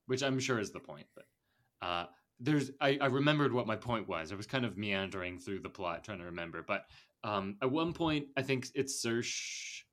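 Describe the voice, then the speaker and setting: A man's voice: on the low side, animated, normal speed, a bit bright. A man co-hosting a podcast, talking casually about a film in a meandering way, full of fillers and restarts. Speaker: podcast co-host.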